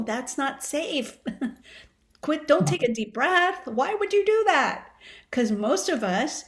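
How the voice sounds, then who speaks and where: A woman in her fifties, a wellness coach, telling her story in an animated, expressive way during a casual interview. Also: fairly high pitch.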